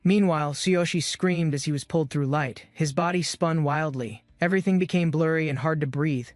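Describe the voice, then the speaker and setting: A man's voice: fairly high pitch, moderate pace, dry recording, studio quality, faint music behind. A man giving scripted, dramatic narration of a comic-book recap.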